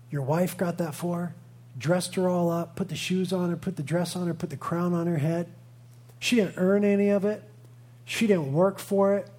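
A man's voice: high voice, steady tone, normal speed, a little mellow. Guy preaching, tells stories, jokes a bit then gets serious. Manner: storytelling, playful asides then earnest. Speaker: pastor. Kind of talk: sermon.

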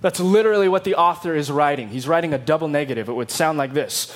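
Man preaching, high voice, dramatic and emphatic delivery. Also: fast, hardly any pauses. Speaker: pastor. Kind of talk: sermon.

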